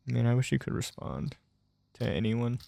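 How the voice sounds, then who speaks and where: A man's voice: mid-range voice, lively intonation, moderate pace, vocal fry, mellow, no room sound. A man playing a video game, chatting casually and reading in-game text messages aloud between his own reactions. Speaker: let's play gamer. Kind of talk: casual gameplay commentary.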